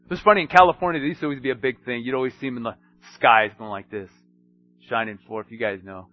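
A man preaching a sermon, swinging between hushed asides and emphatic storytelling. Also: medium pitch, fast, dull audio.

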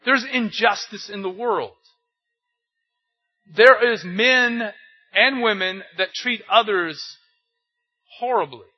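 Husky high-voiced older male preacher. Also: takes it slowly, pauses often, faint music behind. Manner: asks rhetorical questions, tells anecdotes. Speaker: pastor. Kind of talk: conversational sermon. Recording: dull lo-fi recording.

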